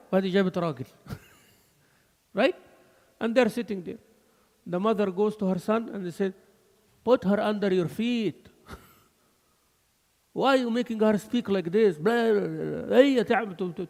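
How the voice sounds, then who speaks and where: Male mosque teacher, lively and gravelly, long hall echo. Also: high-pitched. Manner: animated, switching between English and Arabic, laughing asides. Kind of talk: mosque lesson.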